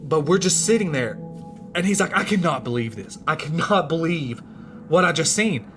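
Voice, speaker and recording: A man's voice: a little high, moderate pace, faint music behind. A man telling a true scary story in a casual, rambling way, his voice rising and dropping for suspense. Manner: animated, rambling, voice rises and drops with suspense.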